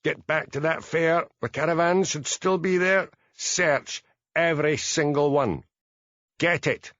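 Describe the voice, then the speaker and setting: A man's voice: fairly high pitch, measured pace, fairly bright tone, no room sound, highs cut off, pitched above the performer's own voice. A man voicing a brash, impatient male police chief in an audiobook, blustering and scornful. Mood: commanding.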